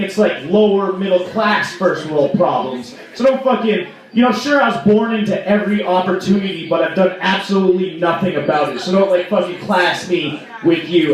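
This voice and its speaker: A young man performing a rambling stand-up set at an open mic in a small bar, with lots of "like" and mock outrage. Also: high-pitched. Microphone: stage microphone. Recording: echoey room, voice from far off.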